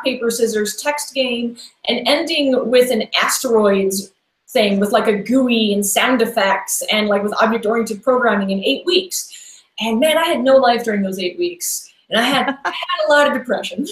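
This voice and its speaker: A woman's voice: on the high side, moderate pace. Chatty woman in an echoey room. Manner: rambling, chatty, heavy use of "like" and restarts. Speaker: podcast guest. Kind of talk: casual conversational interview.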